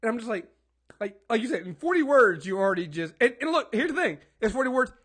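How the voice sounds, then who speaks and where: A man's voice: extremely high pitch, big pitch swings, quick pace, fairly bright tone. A man co-hosting a podcast, ranting in casual chat, emphatic and swearing, often stumbling over repeated words. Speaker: podcast co-host. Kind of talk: heated casual podcast rant.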